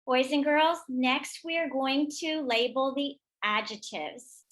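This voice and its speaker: Speaking to teachers at a professional development session, this woman's voice sits high with a fairly bright tone. As a teacher trainer, she shows vocabulary routines and models classroom chants and call-outs in energetic bursts.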